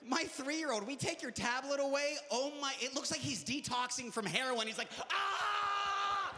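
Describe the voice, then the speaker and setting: A man's voice: very high voice, a little fast, big-room sound, background noise. A male comedian performing a stand-up set, punchy and chatty with the crowd.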